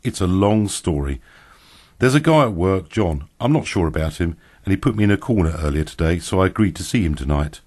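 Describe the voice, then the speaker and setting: Wary thoughtful man, measured talk, low deep voice, audiobook figure, read by a man. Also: lively intonation, a little mellow, dry recording, studio quality.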